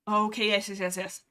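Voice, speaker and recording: A woman's voice: medium pitch, pushed and bright. A woman hosting a casual book discussion livestream, rambling in a playful, sarcastic way from her desk mic. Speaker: livestream host.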